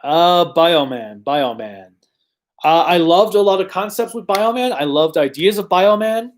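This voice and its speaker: A man's voice: high voice, lively intonation, unhurried. A man hosting a casual livestream Q&A, reading viewer questions and answering in a chatty, rambling way with frequent ums and self-corrections.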